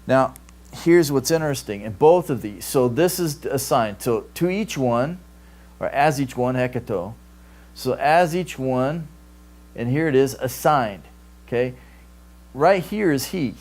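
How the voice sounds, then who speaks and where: A man with a medium-pitched, slightly mellow voice teaches a Greek grammar class, captured from a live stream. He lectures patiently, frequently checking in with "right?"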